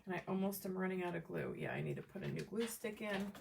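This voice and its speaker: Woman, excitable crafting livestream host, chatty with viewers, slightly distant mic, faint background noise. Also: lowish voice, fast talker, vocal fry. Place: home craft table, camera on tripod.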